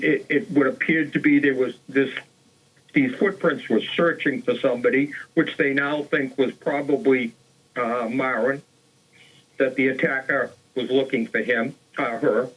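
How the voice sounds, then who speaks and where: A man tells an old murder case on a local talk show, in an easy, unscripted way, often pausing with "uh" and starting over. His voice sits at an ordinary pitch. The sound is plain and a little lo-fi. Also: a bit bright. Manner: casual retelling with fillers and restarts. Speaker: co-host. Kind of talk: storytelling a true crime case.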